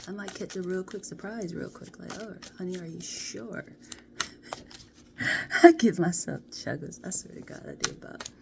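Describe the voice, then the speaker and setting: A woman doing a casual card reading to camera, chatty and playful, often dropping into soft half-whispers. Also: lowish voice, vocal fry. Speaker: card reader. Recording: steady background noise.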